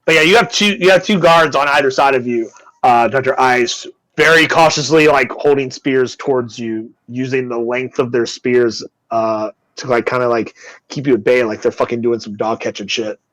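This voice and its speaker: A man's voice: medium pitch, normal speed, fairly bright tone, poor audio. A young man running a tabletop game as game master, casual and loose, with lots of filler words and swearing.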